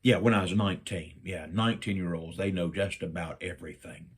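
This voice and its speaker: A middle-aged man from Virginia, telling a personal story and acting out his own lines with big jumps up in pitch. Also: fairly quick, breathy edge. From Virginia, USA. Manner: animated, jumps up in pitch when quoting himself.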